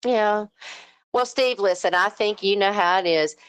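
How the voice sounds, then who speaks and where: With a measured pace and a clean, mid-range voice, this Southern woman co-hosts a livestream from home through a headset mic. Her rant is heated and casual, blunt, fired-up, and full of swearing.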